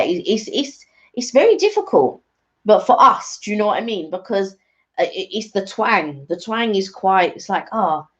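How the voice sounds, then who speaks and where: A woman co-hosting a live stream, chatting casually and rambling with fillers and restarts. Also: mid-range voice. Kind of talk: casual chat. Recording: dull lo-fi stream audio.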